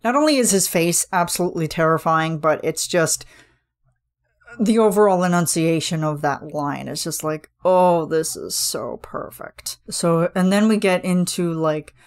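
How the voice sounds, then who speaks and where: A woman's voice: lowish voice, normal speed. A woman hosting a podcast, chatting casually and gushing enthusiastically about a music video, with many fillers. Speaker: podcast host.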